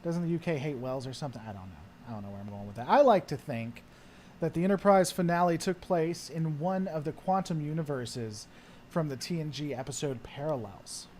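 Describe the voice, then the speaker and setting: A man's voice: fairly high pitch, fairly quick, darkish tone, a little hiss or hum. Rambling man chatting casually. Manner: rambling, with frequent fillers and trailing thoughts. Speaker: host. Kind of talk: casual chat answering viewer questions.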